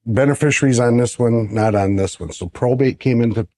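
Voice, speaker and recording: A man who works as a financial advisor, telling a client story in a relaxed, casual podcast chat. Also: medium pitch, brisk.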